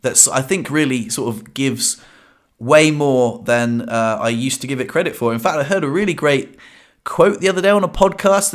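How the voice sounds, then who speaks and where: This is a young man, chatting to his viewers. He sounds upbeat and talks in loose bursts, often stopping to restart a phrase. His voice sits at a middle pitch. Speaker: vlogger. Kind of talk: casual talk to camera.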